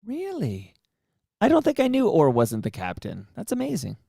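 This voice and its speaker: A man's voice: high-pitched, wildly swooping pitch, gravelly, mellow, slightly rough, no room sound, clean studio sound. A man co-hosting a sports podcast, reacting with eager enthusiasm in casual chat. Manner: enthusiastic, quick to react and laugh. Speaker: podcast co-host.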